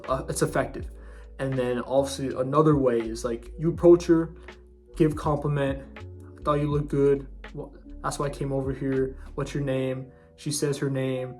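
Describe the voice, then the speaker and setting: A man's voice: mid-range voice, darkish tone. A young man giving casual self-improvement advice in a bro-ish, slangy way, often restarting his sentences. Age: young adult.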